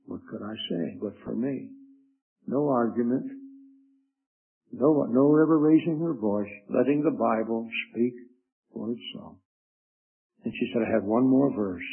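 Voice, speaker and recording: Older man, gravelly, tinny phone-like sound. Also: mid-range voice. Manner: earnest, measured storytelling. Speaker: preacher giving his testimony. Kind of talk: spoken testimony.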